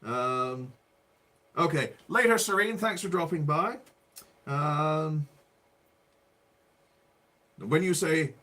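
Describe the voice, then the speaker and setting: An English man co-hosting a livestream, chatting in a relaxed, hesitant way with many fillers. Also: on the high side, slow pace, pauses often. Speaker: livestream co-host. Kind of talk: casual chat.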